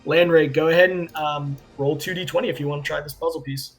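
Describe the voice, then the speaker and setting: A man's voice: fairly high pitch, steady tone, fast, soft background music. A man running a tabletop game as game master, talking loosely and conversationally with lots of fillers.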